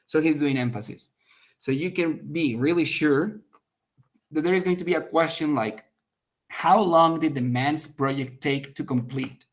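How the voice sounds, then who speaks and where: In an online test prep lecture, a man with a fairly high voice explains things step by step at a measured pace. He checks in with a frequent "okay?" and acts out example lines with sharp emphasis.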